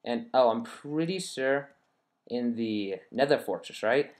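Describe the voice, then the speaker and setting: A man hosts a casual game commentary, chatting with his viewers as he plays. He thinks aloud in a rambling, easygoing way, and his voice sits at a middle pitch. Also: unhurried. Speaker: gaming channel host.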